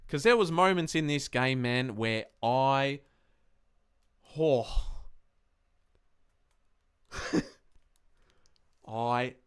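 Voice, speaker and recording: A young man hosts a live football review stream, his voice smooth and resonant. He talks in an excitable, emotional rush, swearing freely as he vents to his viewers. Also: mid-range voice. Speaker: podcast host.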